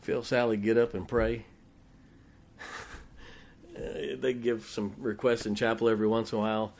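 A man preaching a sermon, swinging between quiet asides and forceful scripture reading. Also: on the low side, level tone, moderate pace, vocal fry. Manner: folksy, emphatic, reads scripture aloud with rising force.

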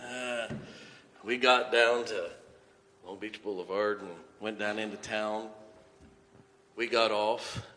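A man preaching and telling a personal testimony as a lively storyteller who chuckles at his own tale. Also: on the low side, measured pace, slight background noise. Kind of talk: personal story told from the pulpit. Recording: long reverb of a large hall.

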